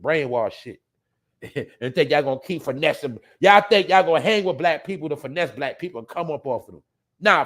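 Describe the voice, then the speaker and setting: Slightly high and a touch bright, this man's voice carries a live show he's hosting. The podcast host rambles through a blunt, profane rant on his stream, frequently breaking into laughter.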